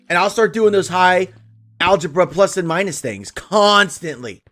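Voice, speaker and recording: A man's voice: high-pitched, lively intonation, normal speed, a bit bright, faint music behind. A man streaming a game, chatting earnestly with viewers about being a father, often restarting and repeating himself. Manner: earnest, open, with frequent restarts and repetitions. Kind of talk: casual chat with viewers during a game stream.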